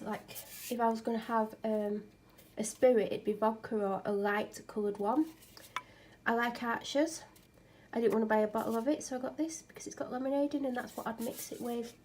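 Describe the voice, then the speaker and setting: A woman's voice: fairly high pitch, a little mellow, a little hiss or hum. Chatty, tired woman vlogging at home. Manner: chatty, rambling, self-mocking. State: ill and tired. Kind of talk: casual chat. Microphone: clip-on microphone.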